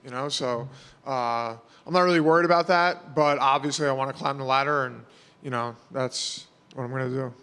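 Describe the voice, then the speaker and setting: A man's voice: medium pitch, steady tone, moderate pace, sharp tone, smooth, in a large hall. A man, answering press questions in a casual, rambling way full of fillers. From New York. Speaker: fighter.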